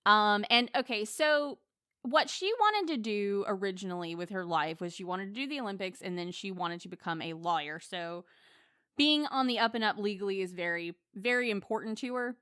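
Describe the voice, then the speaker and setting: A young woman talks loosely about a film on a podcast, stopping and restarting her sentences as she thinks. Her voice is bright and clear, and it sounds dry and close to the mic. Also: medium pitch, expressive, moderate pace, dry recording. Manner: chatty, many fillers and restarts. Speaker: podcast co-host. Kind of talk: casual movie review chat.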